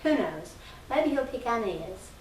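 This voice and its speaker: A woman's voice: a little high, sing-song, a little slow, darkish tone. Woman reading a story in a roomy hall. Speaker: reader of a short story. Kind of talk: reading a first-person humorous story aloud. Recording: roomy distant early-1990s recording with faint hiss.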